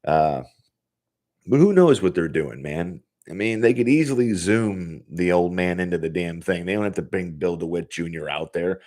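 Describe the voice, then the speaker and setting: A man's voice: low voice, animated, normal speed, darkish tone. A man in his forties hosting a casual solo podcast from his home office, rambling and swearing freely, laughing often. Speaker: podcast host.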